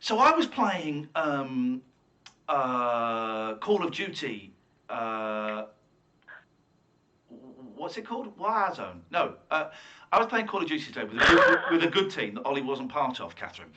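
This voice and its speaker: A man hosting a late-night radio phone-in, excitable and jokey, ranting and laughing easily in a studio. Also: mid-range voice, a little slow. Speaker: radio show host.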